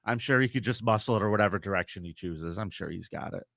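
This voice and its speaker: A man's voice: on the low side, quick pace, gravelly, fairly bright tone, dry recording. A man co-hosting a casual livestream, reading viewer comments aloud and teasing his partner. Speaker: co-host.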